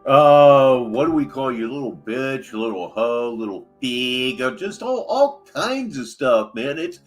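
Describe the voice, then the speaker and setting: A man's voice: mid-range voice, animated, unhurried, soft background music. A man hosting a live stream, commenting sarcastically on clips between chats with viewers. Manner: sarcastic, mocking asides. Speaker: livestream host.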